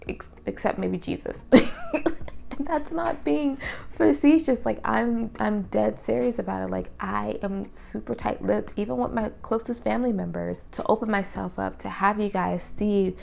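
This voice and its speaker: A woman's voice: mid-range voice, normal speed, gravelly, a little mellow. A young woman talking earnestly and openly to the camera in a personal vlog, sometimes dropping to a whisper. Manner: earnest, open and reflective, drops to a whisper at times. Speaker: vlogger.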